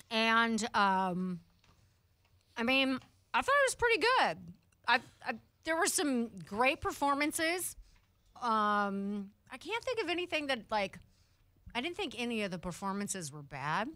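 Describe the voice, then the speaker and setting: Female co-host, relaxed storyteller, bright voice, dry studio sound. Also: a little high, unhurried, dry recording. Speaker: podcast co-host. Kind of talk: casual chat.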